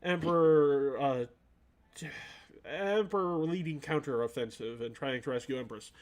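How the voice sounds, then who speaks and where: A man voicing a gruff male envoy who talks in clipped, broken speech and calls himself by name. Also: a little high, moderate pace, natural voice. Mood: blunt.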